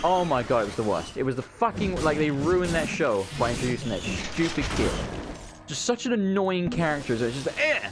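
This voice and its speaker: A man's voice: medium pitch, background noise. Chatty man gaming. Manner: chatty, rambling, swears freely. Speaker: gaming channel host. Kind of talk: casual let's play commentary.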